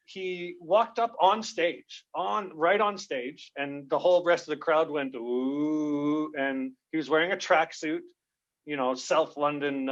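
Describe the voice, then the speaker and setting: A man, a guest comedian, telling stories in a lively podcast interview and laughing often. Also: a little high. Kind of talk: animated storytelling in a podcast interview. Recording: dull lo-fi sound.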